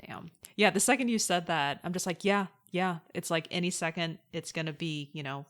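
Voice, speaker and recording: Low-voiced woman podcast host. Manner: short backchannels, halting restarts. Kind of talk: casual chat.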